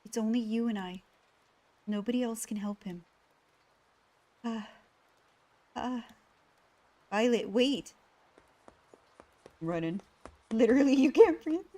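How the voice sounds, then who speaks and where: A young woman streamer reading a visual novel game aloud, voicing its story with feeling and chatting between lines. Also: fairly low pitch. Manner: expressive, voicing the inner monologue with rising panic.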